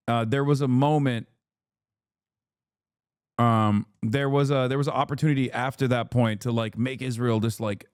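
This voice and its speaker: A man streaming a reaction video, talking loosely and profanely, with many fillers and lively jumps when he quotes people. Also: medium pitch, clear, resonant tone, dry recording, clean studio sound. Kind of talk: casual reaction commentary.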